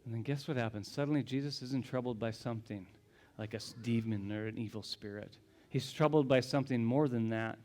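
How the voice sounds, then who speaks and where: A male pastor dramatically tells a story in his sermon, his mid-range voice moving fairly quickly as it drops to hushed whispers and rises to loud exclamations.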